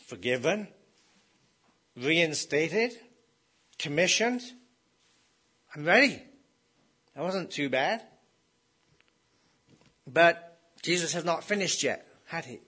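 A man's voice: on the high side, expressive, slow, long pauses, sharp tone, breathy edge. A man preaching a sermon in a conversational way, often asking his listeners rhetorical questions.

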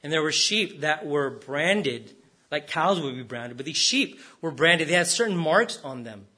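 A man's voice: a little high, expressive, measured pace, sharp tone. A man preaching a sermon as pastor, stressing words and repeating rhetorical questions.

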